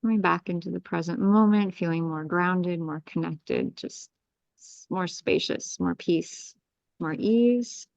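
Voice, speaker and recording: Woman healer, middle pitch, soothing guided meditation with commanding chants, dry close mic, muffled live stream sound. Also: a little slow, vocal fry, no room sound. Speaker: astrologer leading a group healing. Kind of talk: guided energy clearing meditation.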